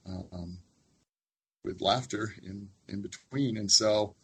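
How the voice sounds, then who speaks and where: A male professor speaking as an interview guest, with a husky, somewhat low voice. He talks thoughtfully and reflectively, with a gentle, amused touch. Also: slow pace. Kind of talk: casual interview chat.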